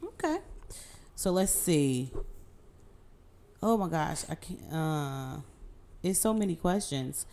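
A woman's voice: low voice, lively intonation, slow pace, pauses often, dark tone. A middle-aged woman co-hosting a married couple's podcast, chatting in a playful, teasing way. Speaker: podcast co-host. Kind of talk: casual chat.

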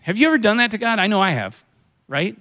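With a high, pushed, bright voice, this man preaches quickly and with great animation. It's a conversational sermon where the pastor questions his listeners and performs what others say.

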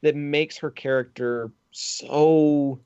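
A man's voice: fairly high pitch, fairly even intonation, takes it slowly, darkish tone, clean tone, no echo, lo-fi sound. A man co-hosting a podcast, talking through a film character in casual, thoughtful detail. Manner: detailed, thoughtful movie analysis. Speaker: podcast co-host.

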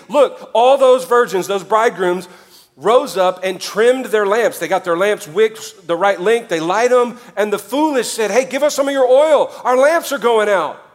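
Man, pastor, sermon, high voice, animated delivery, joking asides. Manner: animated, preaching with sudden drops to quiet; jokey asides in put-on voices.

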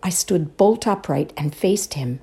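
A woman performing a dramatic reading of a ghost story, hushed and suspenseful, often dropping to a whisper. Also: lowish voice, lively intonation, measured pace. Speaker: reader in a readers' theatre show.

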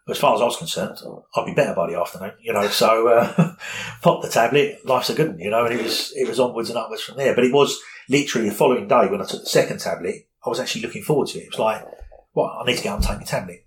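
A man's voice: medium pitch, racing, slight background noise, low-quality recording. A middle-aged man, candidly telling a personal story in an interview, rambling with many fillers.

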